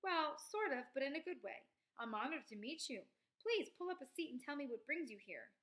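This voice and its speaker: A woman's voice: sits high, expressive, normal speed, a bit bright, pitched above the performer's own voice. A woman voicing a friendly, hospitable female skunk in a read-aloud storybook. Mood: excited.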